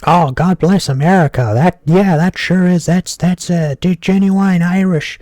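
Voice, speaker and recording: A man voicing a gullible, gushing American tourist man with a high, overeager delivery. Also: measured pace, darkish tone, dry recording, clean studio sound.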